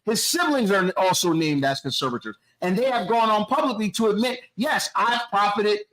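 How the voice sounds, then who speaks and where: A man co-hosting a podcast, explaining in a measured way during a casual debate, with a wry edge. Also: high voice, animated, fairly bright tone, rough recording. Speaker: podcast co-host.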